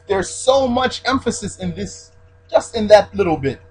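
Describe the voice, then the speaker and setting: High-voiced husky male teacher. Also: expressive, unhurried, soft background music, low-quality recording. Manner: repeats key points, stresses Arabic terms. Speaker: religious teacher. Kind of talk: explanatory lesson.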